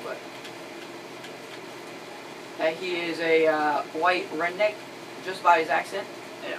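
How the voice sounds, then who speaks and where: A low-pitched woman hosts a casual gaming video, exasperated and mocking as she argues. She is far from the mic. Steady background noise runs beneath her voice. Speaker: gaming channel host. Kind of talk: casual video intro and game chat. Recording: distant noisy home recording.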